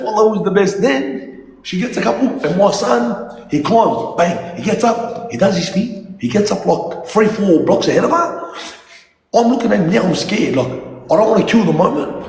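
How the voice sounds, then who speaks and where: An animated middle-aged man tells stories about his kids in a casual chat, swearing and laughing as he goes. His voice sits a little high. The sound is roomy with a long reverb and a faint hum of noise. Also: normal speed. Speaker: father talking to viewers. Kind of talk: casual storytelling livestream.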